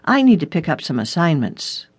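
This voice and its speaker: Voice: medium pitch, big pitch swings, moderate pace. A narrator voicing a frightened young woman, a college student, in an audiobook story, reading her lines anxiously.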